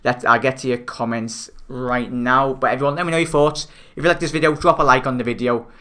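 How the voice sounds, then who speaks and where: A man's voice: mid-range voice, steady tone, fairly quick, bright, forceful tone. A young man from Liverpool with a Scouse accent, chatting on his football fan stream, reading viewer comments and calling them mate. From Liverpool, England. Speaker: football fan channel host. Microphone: new desk microphone.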